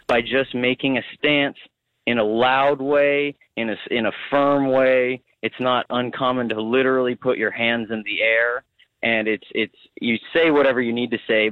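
A young man calling in to a radio talk show, halting and searching for words as he explains. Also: medium pitch, dry recording. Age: young adult. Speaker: caller. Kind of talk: call-in radio chat. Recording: tinny phone line.

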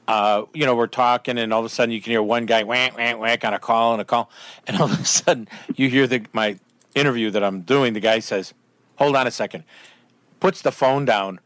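A man's voice: mid-range voice, a little fast, dry recording. A man hosting an outdoors radio show, chatting casually with a guest, laughing often and acting out the people in his stories. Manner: animated storyteller, acts out quotes, laughs often.

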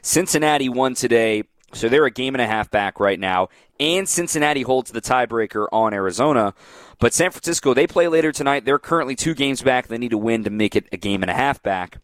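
A man hosting a post-game radio sports talk show, running through standings and schedules in a quick, animated way. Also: medium pitch, no echo.

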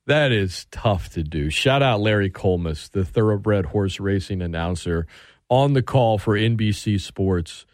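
A man hosting sports talk radio, excitable and animated, often restarting his sentences. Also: lowish voice, a little slow.

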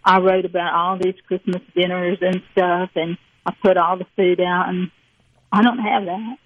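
A woman's voice: fairly low pitch, little pitch movement, normal speed, slightly rough, highs cut off. An older woman from rural Mississippi with a Southern accent, chatting as an author guest in a rambling, folksy way with frequent laughs. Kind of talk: casual interview chat.

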